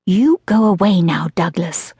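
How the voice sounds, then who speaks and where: A woman's voice: lively intonation, unhurried, slightly rough, no echo, exaggerated voice. A woman narrator voicing a spirited, slightly peevish young girl in an audiobook. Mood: curious. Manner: higher and brighter than the narration. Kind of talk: audiobook character voice.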